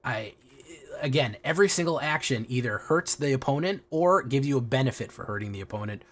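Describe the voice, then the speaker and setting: Streaming a card game, this man speaks briskly in a mid-range, fairly bright voice with lively intonation. His chat with viewers is loose and profane, full of restarted sentences.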